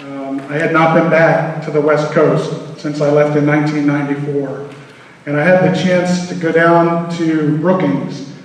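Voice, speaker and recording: A man, a Coast Guard officer, giving an earnest, measured speech to a public meeting. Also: a little high. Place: large hall at a public meeting. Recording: echoey hall from far off.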